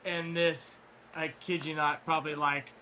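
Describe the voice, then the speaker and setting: A man telling a long story in casual chat, rambling with fillers and restarts, clearing his throat as his voice wears out. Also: on the high side, little pitch movement, moderate pace, background noise. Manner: rambling, full of fillers and restarts, swears freely. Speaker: guest storyteller.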